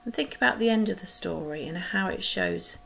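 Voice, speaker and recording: A woman leading a school collective worship, telling a Bible story to children with gentle, expressive pauses. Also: fairly low pitch, vocal fry, slight background noise, rough recording.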